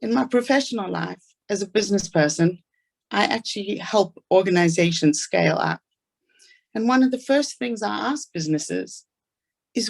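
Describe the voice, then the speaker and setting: Gravelly-voiced South African woman telling her story. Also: mid-range voice, lively intonation. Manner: earnest storytelling, fast asides. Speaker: speaker. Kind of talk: inspirational personal talk.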